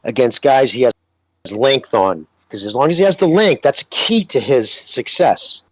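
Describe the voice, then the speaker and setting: A man co-hosting a podcast, telling boxing stories in a blunt, profane, animated way. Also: medium pitch, a little slow, no echo, dull audio. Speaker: podcast co-host, former fighter. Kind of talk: casual podcast chat.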